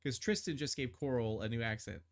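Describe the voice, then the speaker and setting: A man's voice: medium pitch, a little fast. A man running a tabletop game as game master, describing scenes with many fillers and restarts.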